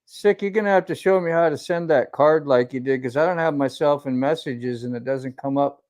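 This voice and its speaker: A man's voice: medium pitch, brisk, a little mellow. A man chatting on a group livestream, easygoing, asking how to do things on his phone. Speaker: livestream guest. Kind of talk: casual chat on a group livestream.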